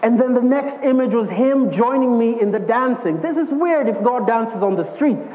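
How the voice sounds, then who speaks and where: A man with a strikingly high voice preaches a relaxed, conversational sermon, telling stories earnestly. His voice rings with a long echo through a church hall, and the recording sounds a bit dull and lo-fi. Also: moderate pace. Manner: earnest storytelling with vivid acted-out quotes.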